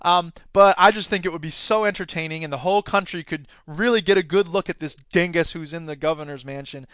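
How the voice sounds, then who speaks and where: A man's voice: on the high side, a little fast, fairly bright tone, no room sound. A man hosting a casual political podcast, sarcastic and indignant, laughing at his own jokes as he rants. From Wisconsin. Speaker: podcast host; teacher union member.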